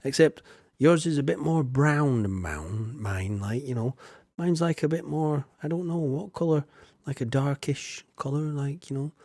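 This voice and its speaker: A man's voice: on the high side, animated, a little slow, dark tone, no echo, studio quality. A man chatting casually while streaming a farming game, rambling and mocking himself. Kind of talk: casual gameplay chat.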